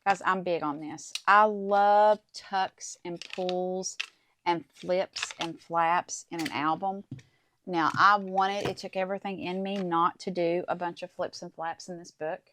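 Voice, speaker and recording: A woman's voice: fairly low pitch, steady tone, normal speed, a bit bright, slight background noise. Chatty woman crafting on camera. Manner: chatty, talks viewers through each step. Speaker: crafting channel host. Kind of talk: casual craft tutorial.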